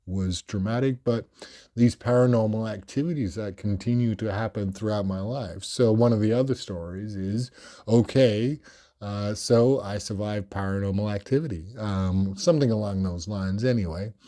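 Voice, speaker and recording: A man with an Australian accent hosting a podcast, telling stories in a projected, animated and carefully clear voice, rambling with many fillers. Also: lowish voice, normal speed. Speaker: podcast host. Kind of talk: storytelling monologue.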